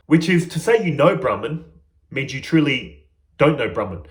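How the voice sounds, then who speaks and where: A man's voice: medium pitch, very animated, normal speed. Earnest man teaching in an echoey room. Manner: earnest, conversational, addresses viewers as guys. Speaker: spiritual teacher. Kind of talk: informal spiritual teaching.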